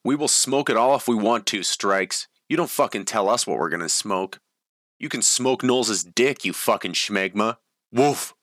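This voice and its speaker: A man's voice: medium pitch, sing-song, a little fast, few pauses, fairly bright tone, no echo, clean studio sound, voice pushed up. A man voicing a sarcastic, taunting young college guy.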